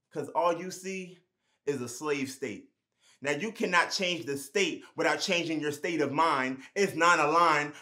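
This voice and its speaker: A man performing his spoken word poetry, rhythmic and impassioned, moving between hushed lines and raised, forceful ones. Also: high voice. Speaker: poet.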